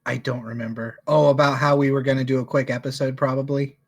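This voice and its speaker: Relaxed co-host, man, dry jokey, mid-pitched. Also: fast talker. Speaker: podcast co-host. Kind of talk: casual late-night chat.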